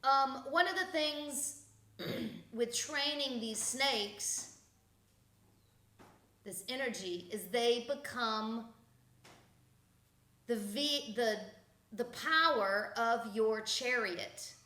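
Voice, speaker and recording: A woman's voice: a little high, drawn-out words, pauses often, pushed and bright, reverberant. A woman hosting a casual spiritual podcast, blunt and profane, laughing often as she talks. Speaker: podcast host.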